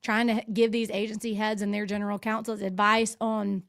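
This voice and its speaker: A woman's voice: medium pitch, level tone, a little fast, no echo, studio quality. A woman guest, a former state legal official, explaining her work in an articulate, explanatory way. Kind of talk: interview answers.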